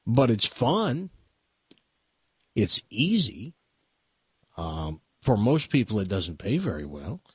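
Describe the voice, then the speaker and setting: An American man is hosting a talk radio show, musing aloud in an opinionated, rambling way full of restarts. His husky voice swings up and down a lot as he talks. It is recorded close and dry on a studio microphone. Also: fairly low pitch, sing-song, slow pace, pauses often, darkish tone, dry recording. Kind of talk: casual talk radio monologue.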